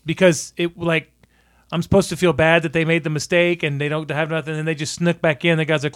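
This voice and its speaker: A man in casual chat about a movie, halting and repeating words as he thinks. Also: on the high side, little pitch movement, a bit bright, dry recording, studio quality.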